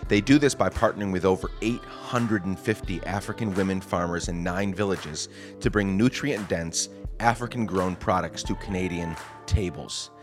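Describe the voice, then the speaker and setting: Low-voiced jokey male podcast host. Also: normal speed, over music. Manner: jokey, casual, self-deprecating. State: morning voice. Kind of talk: conversational podcast interview.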